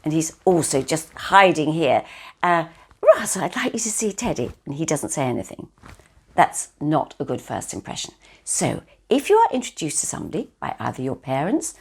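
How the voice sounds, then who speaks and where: An older woman talks gently and encouragingly to children about good manners. Her voice sits low with a slightly husky edge, and her pitch swings lively up and down as she teaches. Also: normal speed. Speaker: etiquette teacher. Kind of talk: children's etiquette lesson video.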